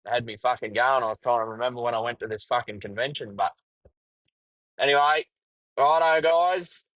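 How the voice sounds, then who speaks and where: An Australian man hosting a podcast on his own, blunt and foul-mouthed, wandering from gripe to yarn. His voice sits at an everyday middle pitch and comes through dry and close, with no room sound around it. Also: fairly quick, fairly bright tone, dry recording, low-quality recording. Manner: blunt, heavy swearing, rambling storyteller. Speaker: podcast host, truck driver. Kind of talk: casual solo podcast monologue.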